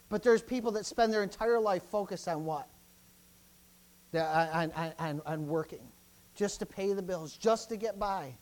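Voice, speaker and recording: A preacher in full sermon mode, swinging from loud, urgent exhortation down to quiet, conversational asides. The delivery leans on repetition and keeps asking the congregation questions. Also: mid-range voice, normal speed. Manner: repeats phrases, asks the congregation questions.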